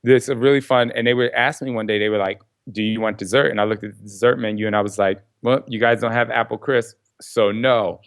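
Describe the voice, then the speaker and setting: A man guesting on a podcast, telling stories in a lively way and laughing often. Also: fairly low pitch, quick pace, few pauses, no echo, clean studio sound. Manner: animated storyteller, laughs often. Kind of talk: casual interview chat.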